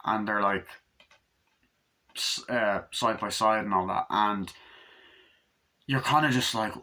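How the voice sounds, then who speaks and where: A man's voice: lowish voice, slow, pushed and bright. A young man casually reviewing a film, rambling with lots of fillers and offhand swearing.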